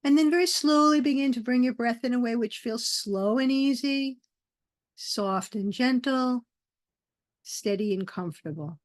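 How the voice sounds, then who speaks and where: Slow, soft-spoken woman guiding meditation. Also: on the high side, dry recording, studio quality. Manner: slow, soft, soothing guidance with pauses. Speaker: meditation teacher. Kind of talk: guided meditation class.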